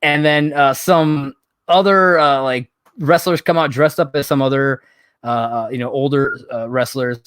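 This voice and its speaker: A man co-hosting a casual podcast, telling the story with plenty of swearing and exasperation. His voice sits at an ordinary middle pitch. The recording is dry and close, with little sense of the room. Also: fairly even intonation, a little slow, fairly bright tone, clean tone, no room sound. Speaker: podcast co-host. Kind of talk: casual wrestling recap chat.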